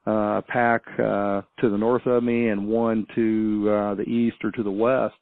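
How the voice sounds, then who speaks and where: This call-in caller, from a small farm town, tells a rambling, hesitant story on a radio show, restarting again and again. He speaks a little slowly with a low-leaning pitch and flat delivery, over a tinny phone line that is dry, with no room sound.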